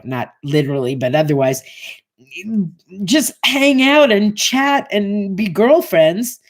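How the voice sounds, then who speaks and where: A woman in her sixties hosting a morning show, telling a casual story and acting out the voices of the people in it. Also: mid-range voice. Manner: animated, acts out voices in her anecdotes.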